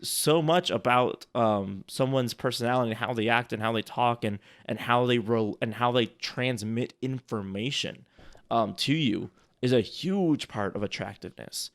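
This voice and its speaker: A man co-hosting a casual chat, rambling and restarting his sentences, quick to laugh. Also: mid-range voice. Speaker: co-host reviewing sales outreach.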